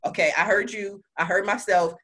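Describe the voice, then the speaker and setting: A woman hosting a podcast interview in casual chat, animated and laughing, jumping high and low and going off on tangents. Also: normal speed, breathy edge, low-quality recording. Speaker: podcast host.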